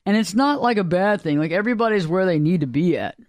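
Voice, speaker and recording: A man's voice: high voice, lively intonation, quick pace, no echo. A man hosting a spiritual talk show, speaking in an earnest, rambling way that circles back and repeats his points.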